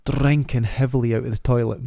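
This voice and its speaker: A man's voice: mid-range voice, steady tone, brisk, creaky, warm tone, dry recording, studio quality. A man co-hosting a podcast, telling bawdy, playful stories in casual chat. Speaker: podcast co-host.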